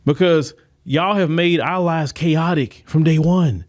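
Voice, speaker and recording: A man's voice: a little high, slow. A man hosting a podcast, delivering a fiery political commentary monologue that speaks straight to his listeners, often repeating and restarting his words. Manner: fiery, preaching, addresses listeners directly. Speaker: podcast host.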